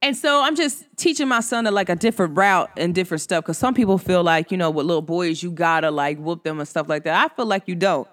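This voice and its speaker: Lively and animated, a thirty-something woman hosts her podcast in a casual way, acting out quotes with sharp pitch jumps. She talks fast with few pauses, and a long reverb tail trails her voice.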